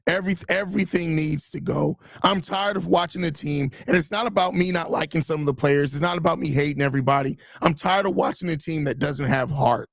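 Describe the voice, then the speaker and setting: A man hosts a sports podcast and rants with frustration and plenty of swearing, circling back to the same phrases. His voice sits fairly high and has a gravelly rasp. The recording is close and dry, with no room sound. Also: fairly quick, few pauses, dry recording. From Chicago area. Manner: frustrated, profane ranting with repeated phrases. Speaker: podcast host. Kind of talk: live podcast reacting to chat.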